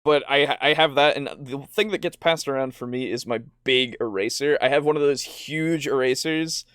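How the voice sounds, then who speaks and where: A man in easy, casual conversation, hedging his points and adding little laughs. His voice sits at a middle pitch and is recorded close and dry. He sounds like a podcast co-host among friends. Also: moderate pace, smooth, no room sound. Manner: relaxed, hedging, with fillers and small laughs. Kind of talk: casual chat.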